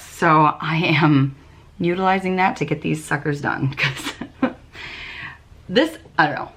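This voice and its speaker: A young woman hosting a knitting podcast, chatting casually with many ums and little laughs. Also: deep voice. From United States. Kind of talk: casual chat.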